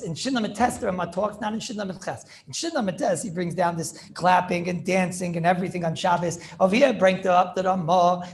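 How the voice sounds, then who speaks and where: A rabbi leads an informal class. His voice is gravelly, and he repeats himself a lot and turns to his students questions. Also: sits high, a little hiss or hum. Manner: rapid, repetitive, asks the class questions.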